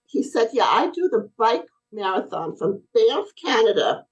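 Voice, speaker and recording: A woman's voice: a little high, a little slow, lo-fi sound. A middle-aged woman, a podcast guest who owns a brace company, telling stories in casual conversation and acting out the dialogue of the people in them. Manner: animated, acts out quoted dialogue. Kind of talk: casual interview storytelling.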